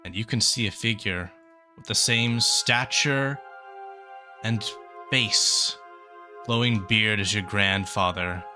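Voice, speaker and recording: A man running a tabletop game, narrating slowly and deliberately. His lowish voice has a bright, crisp edge, with soft music underneath. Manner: slow, measured storytelling. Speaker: game master.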